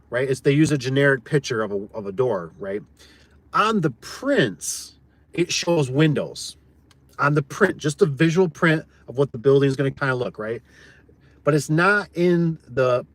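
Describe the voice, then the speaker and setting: A man's voice: mid-range voice, dry recording. Man, casual livestream chat, rambling, folksy, blunt, dry close sound. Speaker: garage door business owner on a livestream.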